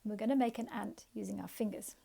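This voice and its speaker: A woman teaching a phonics lesson to young children, slow and sing-song, encouraging, sounding out letters and asking questions. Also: medium pitch, steady tone, vocal fry, warm tone.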